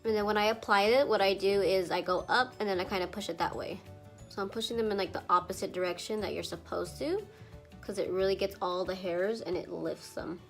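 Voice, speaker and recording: A woman's voice: mid-range voice, brisk, faint music behind. A young woman doing a chatty makeup tutorial, a little congested from allergies, with lots of filler words and some casual swearing. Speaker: beauty vlogger.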